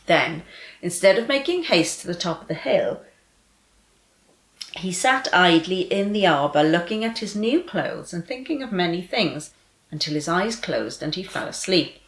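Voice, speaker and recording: A woman reading a children's story and a devotion aloud in a gentle, clear storytelling manner. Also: lowish voice, lively intonation, normal speed. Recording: echoey room.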